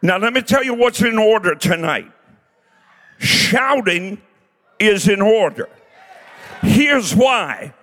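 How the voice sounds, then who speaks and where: A preacher in his sixties with a very high, bright voice, shouting his sermon in slow, drawn-out bursts. He shouts and exhorts the crowd over faint music in the background. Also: animated. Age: 60s.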